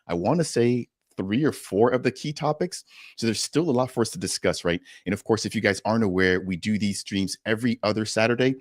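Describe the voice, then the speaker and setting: A man with a low voice hosts a casual livestream. He talks in a relaxed, conversational way and often ends his sentences with "right?". The recording is dry and close. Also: dry recording. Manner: conversational, wrapping up with filler tags like "right?". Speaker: livestream host.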